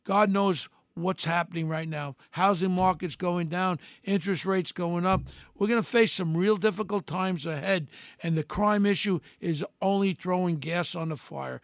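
A man hosts his podcast in a rambling, emphatic monologue that hurts feelings and doesn't much care. His voice sits high with a gravelly grain. The sound is dry and close, with no room around it. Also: moderate pace, no room sound. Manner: blunt, emphatic, outspoken. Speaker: podcast host.

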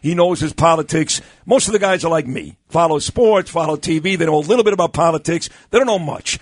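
A man's voice: a little high, fairly quick, no echo. A man hosting a radio talk show, chatty and joking in a down-to-earth way.

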